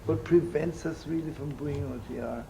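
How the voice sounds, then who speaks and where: Older man, rabbi, sermon, gravelly voice, slightly high, animated, chatty. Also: normal speed, slight background noise, low-quality recording. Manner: animated, chatty, sprinkled with Yiddish and Hebrew terms. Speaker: rabbi teaching. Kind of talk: storytelling sermon with jokes.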